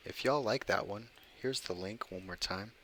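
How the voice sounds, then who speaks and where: A man hosting a livestream, reading short creepy stories aloud and chatting with viewers between them, pausing deliberately between his words. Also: on the low side, pushed and bright, slight background noise. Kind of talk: casual stream reading of short horror stories.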